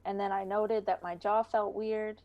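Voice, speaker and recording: A woman's voice: mid-range voice, little pitch movement, moderate pace, highs cut off. A young woman talking as a podcast guest in a casual chat, chatty with many fillers and frequent laughter.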